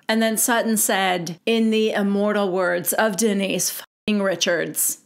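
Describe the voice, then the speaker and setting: A woman's voice: medium pitch, fairly even intonation, unhurried, hardly any pauses. A woman hosting her own recap show, chatting casually and retelling reality TV gossip by quoting the cast in her own voice.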